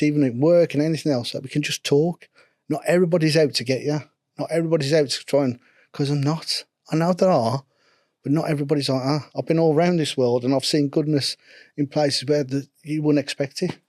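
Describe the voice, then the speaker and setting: A man's voice: a little high, darkish tone, no echo, clean studio sound. A middle-aged man with a local English regional accent, speaking candidly and at length as a podcast guest and mental health instructor. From England. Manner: rambling, earnest, self-deprecating.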